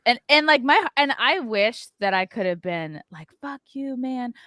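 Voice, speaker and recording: A woman, hosting a podcast and telling a story in a lively chat, acting out the voices of the people in it. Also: on the high side, moderate pace, smooth, no echo, clean studio sound. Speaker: podcast host.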